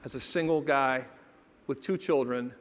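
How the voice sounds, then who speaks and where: A man's voice: medium pitch, unhurried. A middle-aged man telling a personal story in a motivational speech, acting out the voices of the people in it. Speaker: motivational speaker. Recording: long hall reverb.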